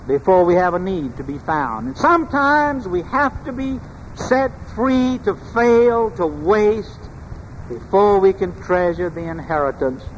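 High-voiced man preaching a sermon. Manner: measured, emphatic preaching with rhetorical questions. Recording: long hall reverb, faint background noise.

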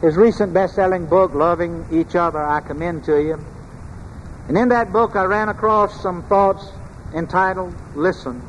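High-voiced man preaching a sermon. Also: highs cut off. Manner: measured, emphatic preaching with rhetorical questions. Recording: long hall reverb, faint background noise.

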